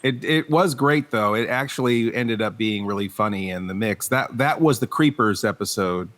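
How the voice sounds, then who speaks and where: A man's voice: lowish voice, moderate pace, fairly bright tone. A man hosting a comedy podcast, talking in a chatty way, often laughing and restarting his sentences. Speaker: podcast host. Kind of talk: casual podcast chat.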